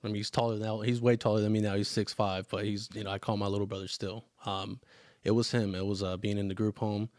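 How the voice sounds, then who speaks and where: A young man hosting a podcast, telling his life story in an earnest, halting way that turns emotional. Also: on the low side, flat delivery, a little mellow, no room sound, clean studio sound. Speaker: podcast host. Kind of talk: casual chat.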